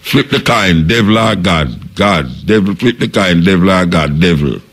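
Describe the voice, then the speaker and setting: Gravelly Jamaican man reasoning aloud. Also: low voice, animated, normal speed, fairly bright tone. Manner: preaching, posing rhetorical questions, quoting others in their voices. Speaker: radio talk show host. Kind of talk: reasoning monologue on radio.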